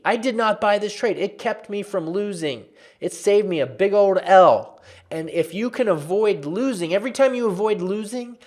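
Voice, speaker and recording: Energetic man teaching a chart lesson. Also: high-pitched. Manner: energetic, conversational, repeats for emphasis. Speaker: trading educator.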